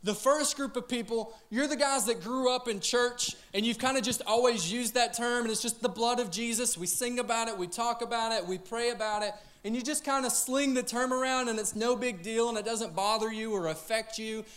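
Pastor, man, 30s, high-pitched, comic storytelling sermon, self-mocking, keeps asking the crowd "all right?". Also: a little fast, hardly any pauses, fairly bright tone. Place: church auditorium.

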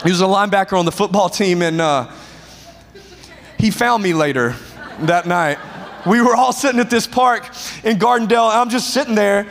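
A man, preaching with an energetic, self-mocking storytelling manner. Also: high voice, normal speed, long pauses, a faint crowd, slight background noise. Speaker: pastor. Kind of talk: humorous storytelling sermon. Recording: long hall reverb.

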